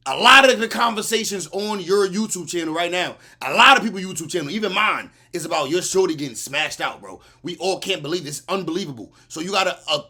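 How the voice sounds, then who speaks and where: Husky high-voiced man reacting animatedly. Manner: animated, slangy, incredulous. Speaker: reaction video host. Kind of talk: casual reaction commentary.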